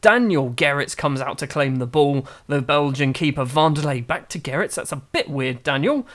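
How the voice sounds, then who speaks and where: A man giving chatty, self-mocking game commentary that gets excitable. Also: on the high side, normal speed. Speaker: gaming YouTuber.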